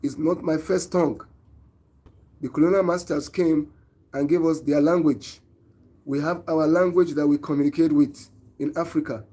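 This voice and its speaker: A man's voice: fairly high pitch, steady tone, moderate pace, warm tone. A man with a Nigerian accent, hosting an online show and giving an earnest, preachy opinion monologue, often asking his viewers questions.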